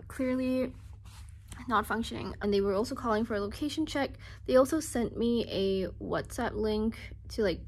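A woman's voice: a little high, slight background noise. A young woman from Singapore chatting casually in a hotel room video diary, rambling and upbeat, filmed on a handheld phone. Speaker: vlogger. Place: small hotel room, indoors.

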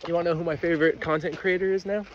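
A man's voice: a little high, fairly even intonation, racing. A young man talking to camera on a walk outdoors, rambling and confessional, self-deprecating and swearing often. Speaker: vlogger. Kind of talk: rambling walk-and-talk vlog. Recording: muffled outdoor recording with loud ambient noise.

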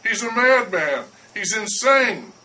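A man voicing an irate French baker who shouts and blusters at a neighbor. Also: sits high, animated, slow pace, distant mic, slight background noise, voice pushed up, full character voice, rough recording. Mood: indignant. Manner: loud, indignant, blustering.

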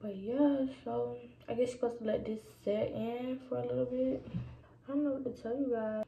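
Young woman, casual makeup vlog chat, gravelly vocal fry, echoey dull lo-fi room sound. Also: a little high, fairly even intonation, moderate pace, a little hiss or hum. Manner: chatty, addresses viewers as y'all, drops into whispers. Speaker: vlogger. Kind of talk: casual get-ready-with-me chat. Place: indoors at home doing makeup.

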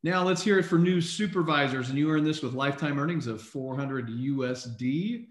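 Over a video call from an echoey room, a man with a high-leaning voice co-hosts a live online recognition event at normal speed. He reads names cheerfully, frequently clearing his throat.

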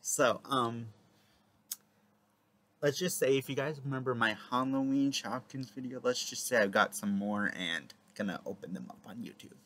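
A man's voice: mid-range voice, normal speed, fairly bright tone. Rambling man in a casual vlog chat. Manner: rambling with many fillers. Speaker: video creator.

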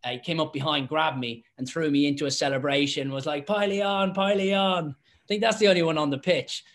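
A man with a slightly high-pitched voice tells stories in a relaxed podcast chat. He is lively and keeps restarting his sentences, repeating words as he goes. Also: fast talker. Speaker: former professional referee, podcast guest. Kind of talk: casual podcast chat, anecdotes.

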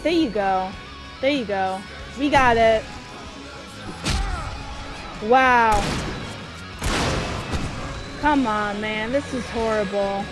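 A woman giving frustrated live commentary while playing a video game, shouting orders and complaints at the character. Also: fairly high pitch, extremely slow, long pauses. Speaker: gameplay streamer. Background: game music.

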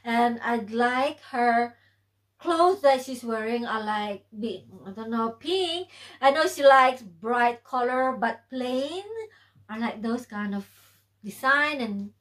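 A woman's voice: a little high, slow pace, a bit bright, poor audio. A woman from the Philippines, chatting casually on a vlog and often restarting her sentences. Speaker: vlog co-host. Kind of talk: casual chat to camera.

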